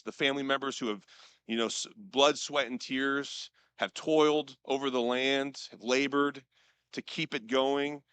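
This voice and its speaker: A man, a public official, giving an earnest, heartfelt ceremonial speech with slow, emphatic phrasing. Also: medium pitch, sharp tone, clean tone, no room sound.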